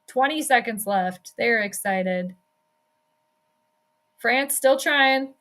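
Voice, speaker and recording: A woman's voice: fairly high pitch, extremely slow, fairly bright tone. A young woman doing casual live play-by-play, chatting and reacting aloud to the games she watches. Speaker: sports streamer doing her own play-by-play.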